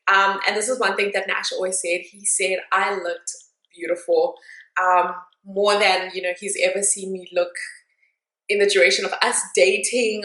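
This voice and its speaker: A woman's voice: mid-range voice, a bit bright. A young woman vlogging in a casual, candid way, full of fillers and asides. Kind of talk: casual chat to camera. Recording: echoey room.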